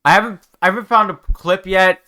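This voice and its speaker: A man talking to his viewers while holding back tears, halting and restarting his words, sighing often. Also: high voice, steady tone, sharp tone. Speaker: YouTuber. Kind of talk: emotional talk to camera.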